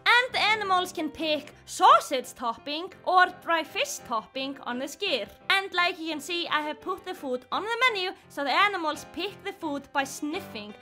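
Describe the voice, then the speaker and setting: A young woman with an Icelandic accent, vlogging indoors and chatting excitedly, giggling and baby-talking to her pets. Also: very high voice, normal speed, hardly any pauses, faint music behind. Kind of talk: casual vlog narration. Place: indoors at her mother's house.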